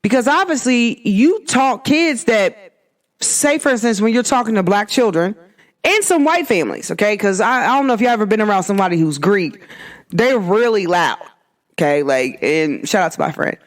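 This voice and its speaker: A woman's voice: medium pitch, animated, normal speed. A woman hosting her own podcast, talking in a casual, emphatic monologue full of rhetorical questions. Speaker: podcast host.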